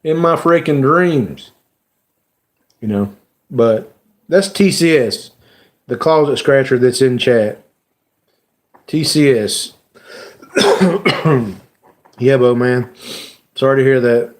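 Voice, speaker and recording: A man chats with his live-stream audience at an ordinary middle pitch. He talks haltingly and emotionally, often trailing off into "you know" and "uh". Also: expressive. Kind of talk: casual live-stream chat.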